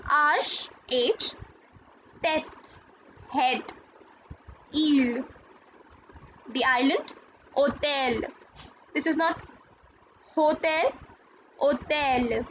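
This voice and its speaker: Woman, high voice, slow deliberate teaching, patient and repetitive, dull lo-fi audio, faint hiss. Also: fairly bright tone. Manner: patient, spells and repeats words. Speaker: French teacher. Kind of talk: slow classroom explanation.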